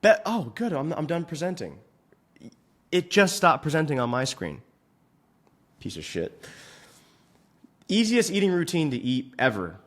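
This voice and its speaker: A man hosting a fitness podcast, giving blunt, profane advice in a casual way and venting at his software. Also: fairly high pitch, sing-song. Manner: profane, frustrated rants; blunt, rapid instructions. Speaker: fitness coach and podcast host.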